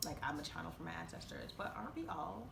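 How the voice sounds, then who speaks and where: A woman's voice: low voice, huge pitch swings, fast talker, creaky, roomy sound, background noise. A young woman telling a rambling personal story to her viewers, with many fillers and bursts of laughter. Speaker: vlogger. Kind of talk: casual storytelling to camera.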